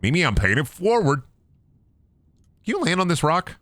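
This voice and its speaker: A man's voice: fairly high pitch, very animated, moderate pace, a bit bright, no echo. A man giving casual, joking, profane commentary to himself while streaming a game.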